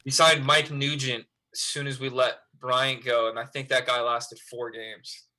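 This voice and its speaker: A man who is a guest on a casual sports podcast, speaking knowledgeably and sometimes trailing off into low mutters. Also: little pitch movement, measured pace, sharp tone. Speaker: guest, video creator and fan.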